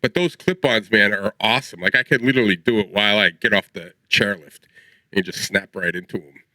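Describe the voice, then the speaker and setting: Bright-voiced rambling podcast co-host, a man. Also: fairly low pitch, fairly quick, no room sound, low-quality recording. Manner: rambling storyteller, laughs mid-sentence. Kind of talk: casual chat.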